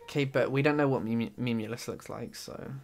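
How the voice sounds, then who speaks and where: A man's voice: medium pitch, fairly quick, vocal fry, soft background music. A man chatting casually, teasing his friend with dry banter. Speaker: streamer's friend. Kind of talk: casual chat.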